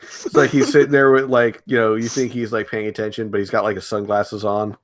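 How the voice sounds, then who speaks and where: A man's voice: lowish voice, level tone, brisk, no room sound. A man from the Southern US co-hosting a casual world-building chat, laughing often and telling things with animation. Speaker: podcast co-host.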